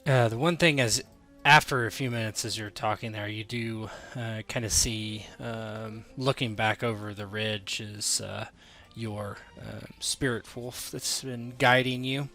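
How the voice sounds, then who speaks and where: A man's voice: lowish voice, steady tone, a little slow, pushed and bright, faint music behind. A man running a tabletop game as game master, explaining rules casually and hesitantly.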